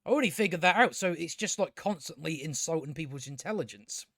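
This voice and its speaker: A man's voice: on the high side, animated, fast talker, a bit bright, no echo, studio quality. A man reviewing a TV show in a casual rant, blunt, scornful and full of swearing.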